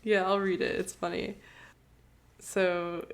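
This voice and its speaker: A woman co-hosting a podcast, casually retelling a book's plot with quick giggles and lots of "like". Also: on the low side, little pitch movement, a loud crowd. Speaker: podcast co-host. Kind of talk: casual book discussion.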